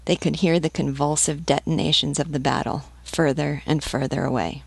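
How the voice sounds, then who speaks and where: Low-voiced woman reading a novel. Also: gravelly, husky, dry recording. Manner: steady, measured narration. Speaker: narrator. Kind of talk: audiobook reading.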